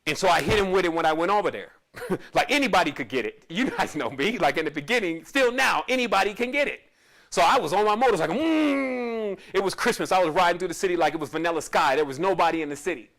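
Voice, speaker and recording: Man, high-pitched voice, spiritual teacher, casual storytelling, rambling, self-correcting. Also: animated, quick pace, creaky, fairly bright tone. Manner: rambling, with frequent restarts and asides.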